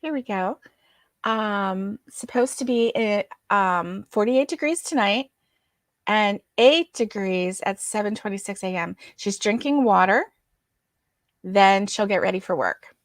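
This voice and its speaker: Woman host, slow easygoing chatter, reads viewer comments on a home livestream. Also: medium pitch, no room sound, studio quality. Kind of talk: casual chat reading viewer comments.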